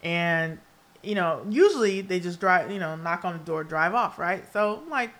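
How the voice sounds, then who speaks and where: A woman's voice: fairly low pitch, normal speed. Profane, laughing woman podcast host. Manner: profane, candid, laughs often; animated storyteller with asides. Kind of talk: casual solo monologue.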